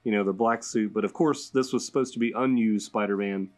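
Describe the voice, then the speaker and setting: A man hosting a podcast in relaxed, conversational chat. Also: on the low side, fairly quick, soft background music. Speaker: podcast host. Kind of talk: casual chat.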